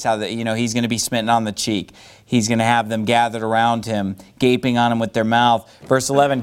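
A man preaching a sermon to a congregation, animated and emphatic, now and then growling to act out anger. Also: mid-range voice. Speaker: pastor.

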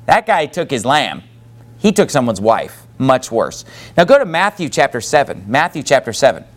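A man's voice: mid-range voice, sing-song, moderate pace. A man preaching a sermon who reads scripture aloud and breaks into casual asides. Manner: preaching with rising emphasis, reads scripture in King James wording; conversational asides with fillers. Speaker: pastor.

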